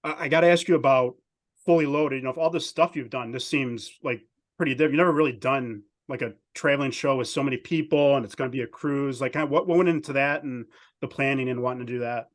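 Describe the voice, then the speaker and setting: A man's voice: medium pitch, fast talker. A man interviewing a guest, asking friendly questions with hesitant starts and fillers. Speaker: entertainment reporter, interviewer. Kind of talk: casual interview.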